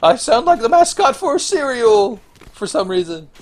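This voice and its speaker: A man's voice: extremely high pitch, sing-song, moderate pace, pitched above the performer's own voice. A man voicing a smug, preening pointy-eared fantasy man with a hooting, sing-song voice.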